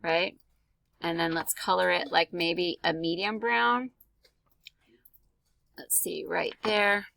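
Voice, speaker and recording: A woman's voice: fairly low pitch, steady tone, slow pace, creaky, long pauses, a bit bright, no room sound, rough recording. A woman art teacher talking through a drawing tutorial in a casual, chatty way, with many ums and likes. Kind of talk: screen-recorded drawing tutorial.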